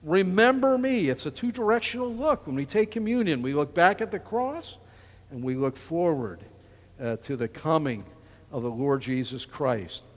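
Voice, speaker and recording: A man preaching a sermon in an emphatic, animated way with frequent restarts. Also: fairly high pitch, normal speed. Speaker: pastor. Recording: long hall reverb.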